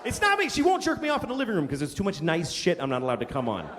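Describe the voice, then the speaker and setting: A man's voice: fairly high pitch, wildly swooping pitch, racing. A middle-aged man doing a stand-up routine, telling a profane story in an exasperated way with sudden rants. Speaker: stand-up comedian. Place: live comedy venue with audience. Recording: live stage recording in a big hall with crowd and noise. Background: audience laughter.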